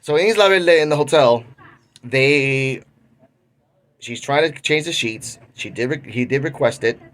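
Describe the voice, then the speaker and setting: A man's voice: medium pitch, a little slow, a bit bright. A young man hosting an online commentary show, casually retelling a news story with frequent restarts. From Puerto Rico. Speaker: commentary channel host.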